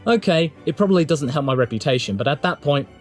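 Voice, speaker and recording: A man voicing an easygoing adult male Australian racing driver, with a put-on Australian accent and a relaxed, matter-of-fact delivery. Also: a little high, fast, faint music behind, lightly acted.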